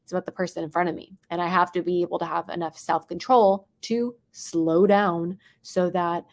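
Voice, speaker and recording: A young adult woman coaching on sales tonality, talking quickly and dropping into whispers or bright bursts to show different tones. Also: lowish voice, steady tone. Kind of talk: teaching sales tonality to a live chat audience.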